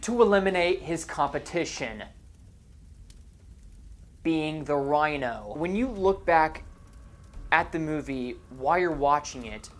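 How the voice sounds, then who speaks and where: A man's voice: a little high, animated, slow pace, pauses often, a bit bright. A man narrating a movie review voice-over in a sarcastic, exasperated way.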